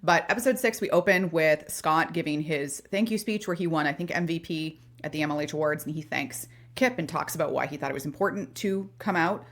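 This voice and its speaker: Woman, podcast co-host, casual recap, lowish pitch, animated, laughs a lot. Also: fairly quick, hardly any pauses. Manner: animated, laughs often, acts out quotes. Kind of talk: casual chat recapping a TV episode.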